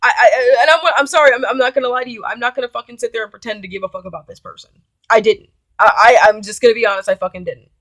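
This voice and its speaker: A woman's voice: a little high, racing, a bit bright, dry recording. Blunt, profane young woman telling a story. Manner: blunt, profane, indignant retelling with quoted dialogue. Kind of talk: casual storytime.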